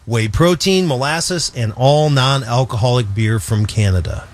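A man co-hosting a radio show in casual on-air chat, animated and jokey, often restarting his sentences. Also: medium pitch, unhurried, no echo. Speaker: radio co-host.

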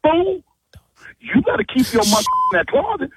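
A man's voice: very high-pitched, big pitch swings, normal speed, a bit bright, dry recording. A man on a phone call, exasperated and blunt, who keeps repeating himself and telling the caller to hold on. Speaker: prank call target. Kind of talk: heated phone conversation. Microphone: phone line.

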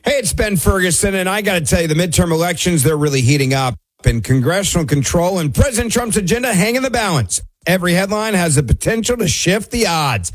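A man reads a sponsor message the way a radio host chats to his listeners. His voice sits high and husky and moves a lot. The sound is close and dry. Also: lively intonation, fairly quick, no echo. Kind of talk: read sponsor spot.

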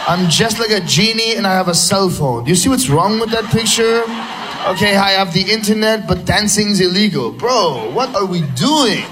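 High, animated stand-up comic. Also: male voice, moderate pace, faint music behind. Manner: animated, shouting bits. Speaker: stand-up comedian. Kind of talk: stand-up set.

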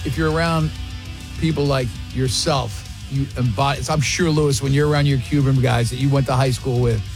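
An older man with a New York accent, hosting a morning radio show in animated, casual banter. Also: mid-range voice, fairly quick, over music. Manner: animated storyteller, slips into impressions.

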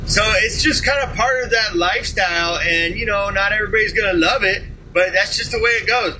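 Male voice memo, very high and sharp, playful arguer, faint hiss. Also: a little fast, poor audio. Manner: mock-argumentative, playful. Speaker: listener sending a recorded message. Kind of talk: jokey voice message.

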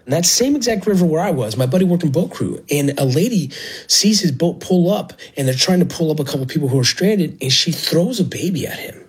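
A man's voice: on the high side, lively intonation, brisk, a little mellow, slightly rough, poor audio. A man, a former Border Patrol agent and medic, earnestly telling his own story with feeling. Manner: earnest, emotional, with restarts. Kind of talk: personal storytelling.

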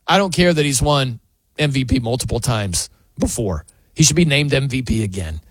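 Animated, ranting sports talk man. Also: high voice, dry recording. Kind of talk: sports opinion commentary.

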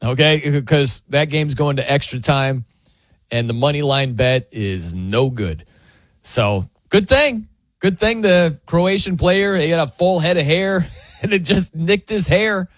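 Animated, chatty sports radio host man. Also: a little high, a little slow, no echo. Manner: animated, chatty, laughs often. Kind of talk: casual sports talk monologue.

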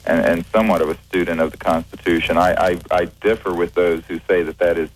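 Very deep-voiced man with halting speech. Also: little pitch movement, dry recording, poor audio. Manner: measured, hesitant, many fillers and restarts. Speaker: guest, researcher. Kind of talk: radio interview.

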